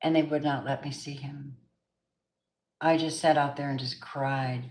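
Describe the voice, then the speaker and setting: A woman's voice: very deep voice, steady tone, unhurried, darkish tone, reverberant, poor audio. A middle-aged woman giving an emphatic live tarot reading, chatting with her viewers by name. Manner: emphatic, repeats affirmations. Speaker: tarot reader. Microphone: camera mic on a live stream.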